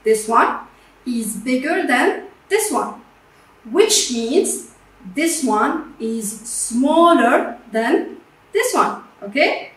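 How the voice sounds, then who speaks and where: High-voiced woman English teacher, slow and patient, in an echoey room away from the mic. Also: lively intonation, far from the mic. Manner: slow and patient, repeats words and checks with "okay?". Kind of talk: classroom grammar lesson.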